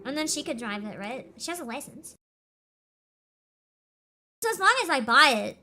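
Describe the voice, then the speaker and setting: A young woman streaming a game, chatting casually with giggles and quick asides. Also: high voice, expressive, pushed and bright. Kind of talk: casual let's-play commentary.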